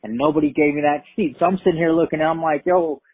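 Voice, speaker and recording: A man telling a story in a profane, streetwise, animated way. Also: on the high side, racing, no room sound. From Brooklyn, New York. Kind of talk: casual spoken storytelling. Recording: tinny phone-like line, dry.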